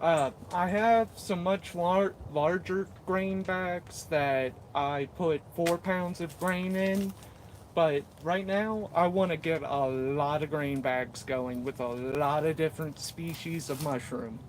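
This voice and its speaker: A man's voice: fairly high pitch, slow, slight background noise. A man chatting casually on a live stream while working, reading viewer comments aloud and joking about himself, short of breath. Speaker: mushroom grower streaming live. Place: indoors at a mushroom-growing workspace. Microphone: camera set up nearby, moves in and out of frame.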